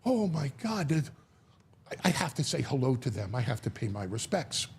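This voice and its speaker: A man talking as a guest, telling a story in a lively way, acting out quotes and often restarting his sentences. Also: medium pitch, gravelly, breathy edge. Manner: animated storyteller, acts out quotes, halting restarts. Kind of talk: storytelling chat.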